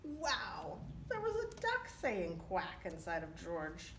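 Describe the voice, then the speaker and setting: A woman reading a story aloud to children as a librarian, animated, often pausing to ask them questions. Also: fairly low pitch, slight background noise.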